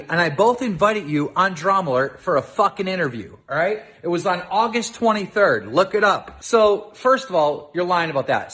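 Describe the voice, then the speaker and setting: A man's voice: high voice, fairly bright tone. A man in an angry rant video, swearing and defending himself in a heated tone. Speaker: online drama show host.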